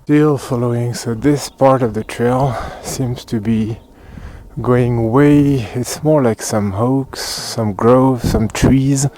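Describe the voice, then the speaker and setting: Walking a cold-weather hiking trail, a man from France gives casual commentary for his vlog, muttering little asides and a bit winded. He has a mid-range, slightly mellow voice, speaks slowly, and the audio quality is poor.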